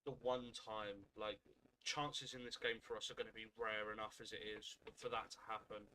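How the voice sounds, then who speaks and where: A man's voice: on the low side, flat delivery, moderate pace, bright, forceful tone, slight background noise. A young man giving angry, expletive-filled play-by-play commentary while watching a football match live. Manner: swears constantly, seething play-by-play. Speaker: football fan streamer.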